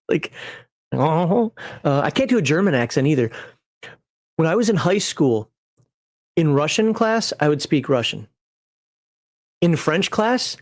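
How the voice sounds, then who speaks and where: Male streamer and game master, casual rambling talk, a bit higher pitched, dry close sound. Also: dry recording. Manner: rambling and digressive, chuckling at himself. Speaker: game master and channel host. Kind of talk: casual livestream chat building a character.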